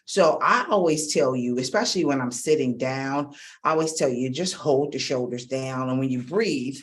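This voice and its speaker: A middle-aged woman vocal coach leading a warm-up lesson, energetic and encouraging, giving brisk, direct instructions and checking in often. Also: a bass voice. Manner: energetic and encouraging, checking in with "okay?" and "all right?".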